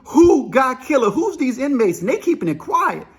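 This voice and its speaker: Male storyteller, high pitch, animated and conversational, acts out every quote. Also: normal speed, slightly rough. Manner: animated, acts out quoted dialogue, peppers speech with "man" and "you know". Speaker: storyteller recalling prison life. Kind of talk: casual spoken storytelling.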